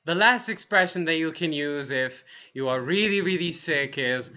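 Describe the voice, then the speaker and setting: A young man teaching English phrases for feelings in an upbeat way, repeating each phrase slowly and acting the emotion out. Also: on the high side, expressive, sharp tone, lo-fi sound. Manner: upbeat, acts out each feeling in slow demonstrations. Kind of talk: lively language lesson. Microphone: wearing earphones on camera.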